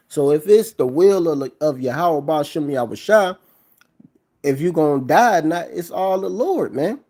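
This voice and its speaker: A man pausing a video to preach, emphatic, reading scripture aloud in between. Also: a little high, lively intonation, dark tone. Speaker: religious commentator. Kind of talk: preaching commentary on a clip.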